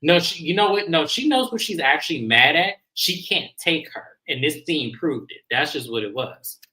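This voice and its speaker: A woman hosts a reality TV recap show in a bright, forceful voice. She retells the episode in an animated, slangy way, laughing often as she talks. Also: deep voice, moderate pace, poor audio. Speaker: podcast host.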